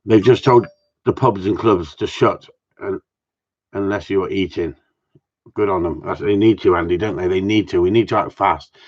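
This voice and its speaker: Guy, lowish voice, joking around on a dull-sounding live stream. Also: normal speed, darkish tone. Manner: jokey, chatty, greets viewers by name. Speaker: gundog trainer hosting a live stream. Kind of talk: casual live-stream chat.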